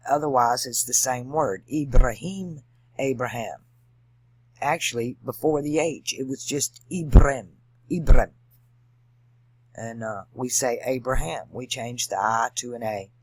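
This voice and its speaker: A man's voice: medium pitch, fairly bright tone, no room sound. A man talking to camera in a rambling monologue, digressive and emphatic, stopping to spell words out letter by letter. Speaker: video channel host. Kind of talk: rambling monologue on language and esoterics.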